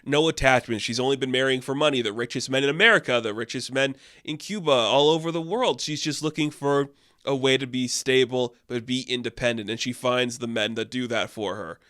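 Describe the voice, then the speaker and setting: A man's voice: mid-range voice, fairly quick, fairly bright tone. A man reviewing a classic film in casual, enthusiastic chat, with many fillers and restarts.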